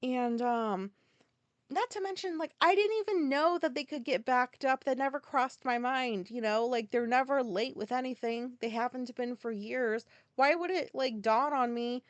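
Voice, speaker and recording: A woman's voice: high-pitched, moderate pace, no echo. Rambling, foul-mouthed woman telling a story. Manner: rambling, swears freely, frequent self-corrections. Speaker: podcast host. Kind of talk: casual storytelling monologue.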